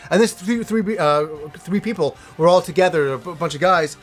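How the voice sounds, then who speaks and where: A middle-aged male host spins a rambling personal story, acting out what people said and letting the odd curse slip. His voice sits high for a man. Soft music plays faintly behind him. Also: fairly quick. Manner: animated, rambling anecdote with acted-out quotes and swearing. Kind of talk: casual storytelling to camera.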